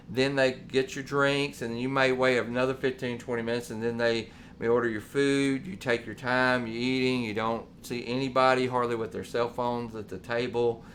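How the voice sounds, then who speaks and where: A man's voice: medium pitch, fairly bright tone, slight background noise. A man, co-hosting a casual talk show and telling long stories full of quoted dialogue. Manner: rambling, storytelling with quoted dialogue. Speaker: podcast co-host. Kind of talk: casual chat.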